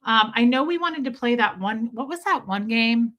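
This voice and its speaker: Bright, chatty woman streamer. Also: on the high side, lively intonation, normal speed. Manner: chatty storyteller who laughs and swears freely. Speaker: livestream host. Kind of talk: casual livestream chat with viewers.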